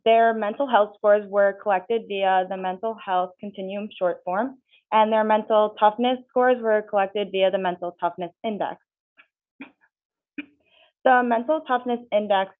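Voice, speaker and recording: A woman's voice: mid-range voice, moderate pace. Young woman presenting research, tinny sound. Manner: steady, reads through figures and methods. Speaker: student presenter.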